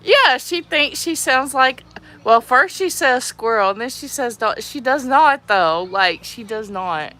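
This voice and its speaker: Reading viewer comments on a livestream, a young adult woman chats and giggles in a high-pitched, childlike, youthful voice, speaking a little slowly. She's animated and laughs often.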